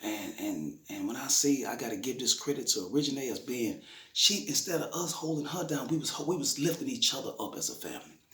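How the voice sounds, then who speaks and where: A man's voice: mid-range voice, expressive, a little fast, sharp tone. Father telling his story, echoey room. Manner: conversational, repeats himself, frequent "you know what I'm saying". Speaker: grieving father interviewee. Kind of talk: emotional personal storytelling.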